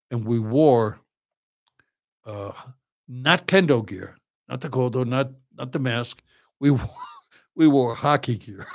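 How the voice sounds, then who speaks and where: Older man telling stories with laughter. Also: medium pitch. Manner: animated, laughs often, swears freely. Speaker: podcast guest. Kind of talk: casual storytelling.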